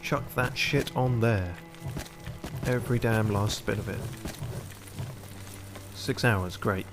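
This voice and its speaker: A man's voice: on the low side, takes it slowly, over music. A man giving wry, self-mocking live commentary while he plays a game, often muttering to himself. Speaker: game streamer.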